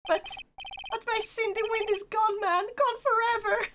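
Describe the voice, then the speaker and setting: A woman's voice: extremely high pitch, very animated, measured pace, pushed and bright, slight background noise, voice pushed up, heavily acted. A woman doing a whiny, melodramatic young man. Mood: despairing. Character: excitable young male slacker friend, dramatic.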